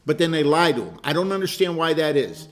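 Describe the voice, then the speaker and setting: A man, a pastor, leading a Bible study group, telling stories in a chatty, animated way with repeated words and laughs. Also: fairly high pitch, fairly quick. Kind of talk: casual group discussion and storytelling.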